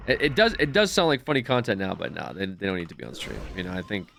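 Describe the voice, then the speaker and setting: A male streamer chatting casually while gaming, animated and laughing, sometimes trailing off into quiet asides. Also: deep voice, fast talker, creaky, faint music behind.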